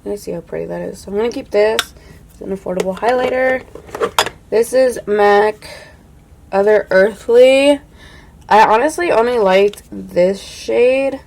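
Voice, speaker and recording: A young adult woman chatting casually through a makeup declutter, full of "like" and dropping to a soft hush when admiring products. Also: medium pitch, measured pace, vocal fry, background noise. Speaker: beauty vlogger.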